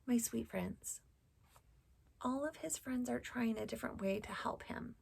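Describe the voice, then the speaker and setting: Slow, breathy woman reading a picture book. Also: on the high side. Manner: slow, expressive, asks the children questions. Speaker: children's storytime host. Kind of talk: read-aloud storytelling for children.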